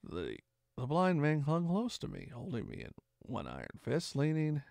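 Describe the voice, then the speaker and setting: A man reading a classic adventure novel aloud in expressive first-person narration. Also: on the high side, normal speed, gravelly, no echo. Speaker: storyteller.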